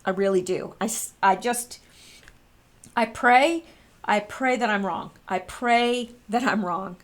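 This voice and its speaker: A woman's voice: medium pitch, slow. A woman vlogger talking casually and earnestly to her viewers, with frequent fillers and restarts. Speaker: vlogger commenting on politics. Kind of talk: casual spoken commentary to viewers.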